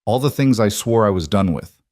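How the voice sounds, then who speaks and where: A man doing a weary old-west lawman turned family man, steady and solemn, in a low, grounded voice. The recording is close and completely dry. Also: moderate pace, no echo, close to an everyday voice. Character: weary, devoted former lawman and husband.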